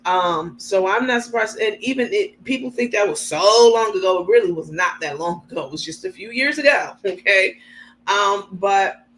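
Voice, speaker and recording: A woman from New York City hosting a casual livestream. She chats and reads out viewer comments in a relaxed, frank way, laughing easily and using many ums. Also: mid-range voice, normal speed. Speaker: livestream host.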